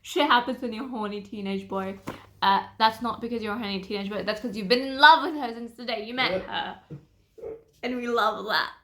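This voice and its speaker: A young woman talks through a novel in a loose, chatty recap. Her voice is bright and sits a little high for a woman. She gushes freely and sometimes breaks into loud, excited squeals. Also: fast, a little hiss or hum. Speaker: book vlogger. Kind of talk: casual chat recapping a novel.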